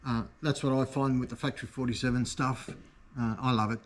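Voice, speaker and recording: A man's voice: medium pitch, fairly even intonation, brisk, slight background noise. A man hosting a casual product showcase vlog for his motorcycle parts shop, enthusiastic and easygoing. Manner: enthusiastic, easygoing, talks like a salesman.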